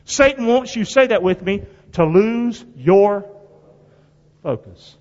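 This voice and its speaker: A male pastor preaching a sermon in a folksy call-and-response style, his delivery swinging from loud to hushed. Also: sits high, animated, slow. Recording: dull sound with long hall reverb.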